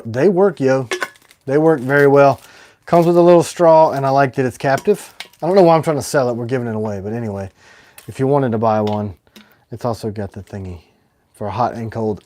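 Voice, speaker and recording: A man hosting a casual livestream, rambling and excitable, with sudden swings between loud and quiet. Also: mid-range voice. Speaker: knife maker hosting a livestream.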